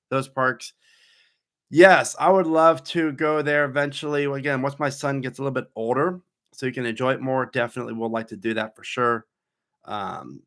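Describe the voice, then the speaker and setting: A man's voice: mid-range voice, fairly bright tone. Chatty man answering viewer questions. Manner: casual, chatty, answers questions aloud then rambles. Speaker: coaster YouTuber host. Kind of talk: live Q&A reading chat questions.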